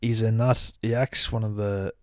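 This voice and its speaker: A man's voice: on the low side, flat delivery, moderate pace, a little mellow, no room sound. A young man chatting casually as a podcast guest, blunt and swearing freely. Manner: blunt, swears, chuckles along. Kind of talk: casual chat.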